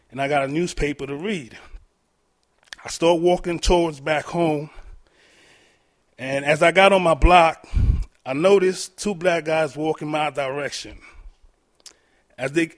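Laid-back man telling a story. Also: a little high. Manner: laid-back, conversational, with filler ums. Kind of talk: casual first-person storytelling.

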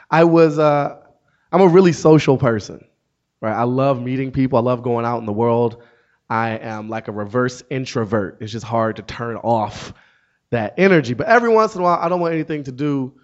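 A man in his thirties, a comedian and author, telling a story to an audience with wry, deadpan asides. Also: mid-range voice. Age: 30s. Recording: dull lo-fi sound.

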